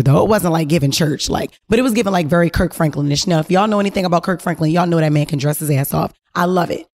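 Woman podcast host doing story time, kinda low voice, talks slangy and swears a lot, really animated, chatting straight at the listeners. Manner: animated, slangy and profane, addressing listeners directly. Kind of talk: casual storytelling.

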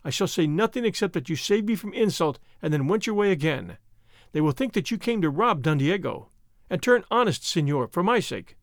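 A man's voice: on the high side, big pitch swings, fairly quick, no room sound, studio quality. A man reading an audiobook, voicing an anxious, proud young noblewoman who speaks in an urgent, pleading way.

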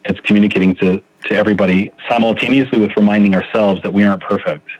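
A man's voice: fairly low pitch, fairly even intonation, fast talker, breathy edge, dull audio. A man sharing his recovery story on a podcast, speaking earnestly and restarting his sentences often as he thinks aloud. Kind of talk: reflective recovery podcast talk.

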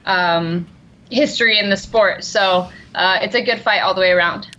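A woman's voice: mid-range voice, normal speed, bright, forceful tone. A woman guest answering interview questions in an easygoing way, with many fillers, over a remote call. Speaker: guest fighter. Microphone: remote call line. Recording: dull call-line audio.

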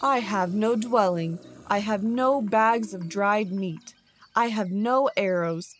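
A woman doing a slow, booming bully of a bear. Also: a little hiss or hum, close to an everyday voice. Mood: menacing. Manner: slow, loud, boastful threats. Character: big greedy bullying male black bear.

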